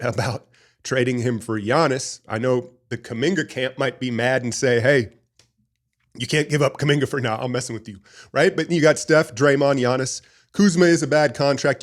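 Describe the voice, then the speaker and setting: A man hosting a casual basketball talk show, rambling and opinionated in an animated fan's way. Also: medium pitch. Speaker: sports podcast host. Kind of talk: casual sports commentary.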